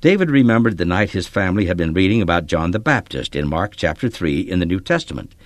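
Low-voiced, expressive male storyteller. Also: fast, no room sound. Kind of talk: scripted narration of a children's story.

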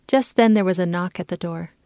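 A woman narrating a children's story in a clear, measured storytelling manner. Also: lowish voice, warm tone, no room sound, studio quality.

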